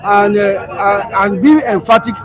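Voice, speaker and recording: Man, very high voice, emphatic political commentator, crowd murmur behind. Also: steady tone, a little slow, rough recording. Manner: emphatic, rhetorical questions, many hesitations. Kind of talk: live political talk show discussion.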